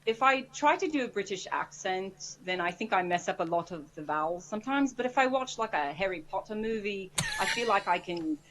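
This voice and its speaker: A woman's voice: mid-range voice, animated, a little fast, hardly any pauses, a bit bright, a little hiss or hum, low-quality recording. A woman, a guest singer, chatting casually and giggling, with lots of "like" fillers. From United States. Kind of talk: casual chat on a live stream.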